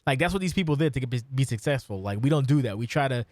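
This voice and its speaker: A man's voice: mid-range voice, lively intonation, racing, darkish tone, no room sound, studio quality. A man hosting a casual podcast, swearing a lot and ranting in mock outrage. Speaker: podcast host.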